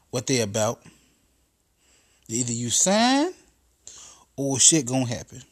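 A man hosting a podcast, telling a profane comedic story in a casual monologue that builds into exasperated rants. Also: medium pitch. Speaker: podcast host.

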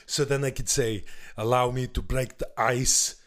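A man impersonating a boastful, oblivious middle-aged action-star man with a put-on Austrian accent, deadpan and repeating himself. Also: medium pitch, normal speed, lightly acted. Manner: repetitive "yeah, yeah", deadpan quoting. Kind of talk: comedy sketch impression.

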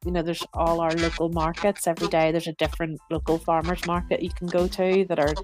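A woman's voice: fairly low pitch, flat delivery, fast talker, soft background music. A woman in her thirties, chatting casually as a podcast guest and explaining things with lots of fillers and asides. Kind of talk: casual conversational interview.

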